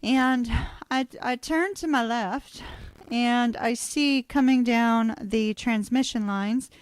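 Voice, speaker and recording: A woman's voice: a little high, slow, clean tone, dry recording. A middle-aged woman, chatting through a live tarot reading and laughing often as she tells stories. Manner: chatty, storytelling, swears casually. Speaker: tarot reader.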